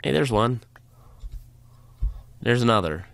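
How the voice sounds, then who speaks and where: A man's voice: mid-range voice, animated, slow pace, creaky, fairly bright tone. A man hosting a let's play, chatting and cheering or groaning at the game as he plays. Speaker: gaming channel host.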